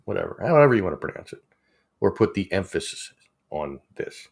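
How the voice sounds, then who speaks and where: Low, creaky and a little fast, this man's voice has a sing-song lilt as he hosts a livestream. In his 40s, he rambles casually with viewers and chuckles while reading out their chat messages.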